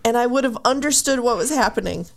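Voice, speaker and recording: A woman's voice: fairly high pitch, lively intonation, fast talker, vocal fry. A woman co-hosting a podcast, thoughtfully describing how a book felt to read. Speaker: podcast co-host. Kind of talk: casual book recap chat.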